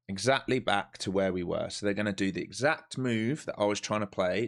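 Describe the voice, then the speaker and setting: Trading live on stream, this man narrates for his audience, cursing bluntly as he reasons through the charts. He has a lowish voice with vocal fry and talks fairly quickly, barely pausing.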